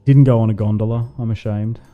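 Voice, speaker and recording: A man's voice: on the low side, fairly even intonation, fast talker, lo-fi sound, soft background music. A man livestreaming a strategy game, chatting in a rambling way and laughing often. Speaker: gaming livestreamer. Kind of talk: casual chat while streaming a strategy game.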